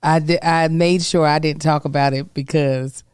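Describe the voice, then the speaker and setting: A woman hosting a casual chat, a parent telling lively anecdotes. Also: low voice, moderate pace, smooth, dry recording. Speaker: parent and vlog host.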